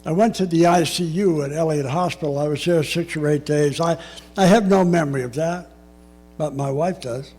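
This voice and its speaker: An older man giving a personal storytelling talk, measured and reflective, with dry asides. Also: fairly high pitch, a little mellow, faint music behind. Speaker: public speaker.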